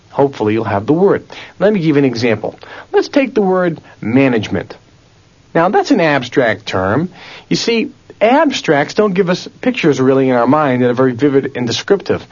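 Male instructor, animated tape-lesson delivery, repeats syllables aloud, dull lo-fi sound. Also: medium pitch. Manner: animated, questioning teacher, repeats words aloud. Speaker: memory course instructor. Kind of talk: recorded audio lesson.

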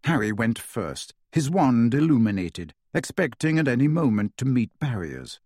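A man's voice: mid-range voice, big pitch swings, moderate pace, darkish tone, no room sound, studio quality. A man narrating an audiobook dramatically, with varied pacing.

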